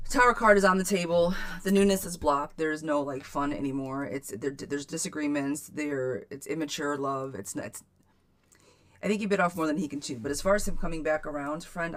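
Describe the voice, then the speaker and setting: A woman giving a chatty live-stream tarot reading, reading viewers' questions aloud and calling them girl and friend. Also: deep voice. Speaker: tarot reader.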